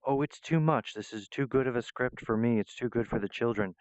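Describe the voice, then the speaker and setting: Whiny, falsely modest man in a mocking, pitched-up take, done by a man in a lo-fi vlog. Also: animated, measured pace, a little mellow, smooth, no room sound. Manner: mocking, high whining impression.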